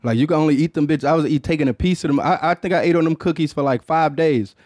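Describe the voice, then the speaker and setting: A man's voice: on the high side, quick pace, a little mellow, dry recording. Profane, loose-talking man hosting a podcast. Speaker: podcast host. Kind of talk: casual chat.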